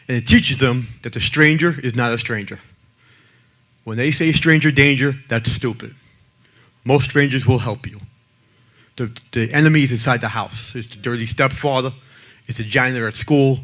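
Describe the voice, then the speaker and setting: A man's voice: mid-range voice, a bit bright. Man, mid-range voice, blunt advocate, joking storyteller. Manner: blunt and brash, acts out other people in his stories. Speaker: child abuse prevention advocate speaking to an audience. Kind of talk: blunt talk with joking stories.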